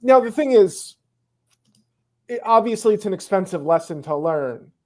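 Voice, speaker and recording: A man interviewing a guest in casual conversation, quick and easygoing, sometimes tripping over his words. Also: high voice, lively intonation.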